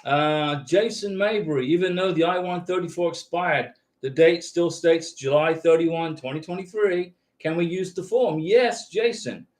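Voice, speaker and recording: High-voiced man hosting a visa live chat. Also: a little slow, few pauses, darkish tone. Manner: casual, reassuring, repeats "okay?". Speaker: visa advice host. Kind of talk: live-stream Q&A reading chat. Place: home YouTube studio with lights.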